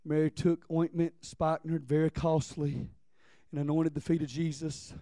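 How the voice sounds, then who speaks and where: High-voiced impassioned male preacher. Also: level tone, moderate pace, no echo, clean studio sound. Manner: impassioned, repeats words, builds to near-shouts. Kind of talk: sermon.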